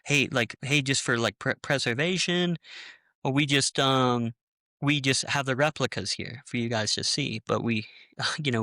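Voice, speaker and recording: A young man recounts his break from a church with heated, animated energy, slipping into the voices of the people he quotes. His tone is bright and forceful. The recording is close and dry, with no room sound. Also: medium pitch, dry recording. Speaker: former church member telling his story. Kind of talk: personal testimony in a conversation.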